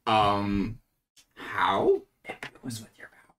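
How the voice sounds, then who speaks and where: A man's voice: fairly low pitch, steady tone, unhurried, a bit bright. A man playing a tabletop game with friends, playful and laughing often. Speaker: player.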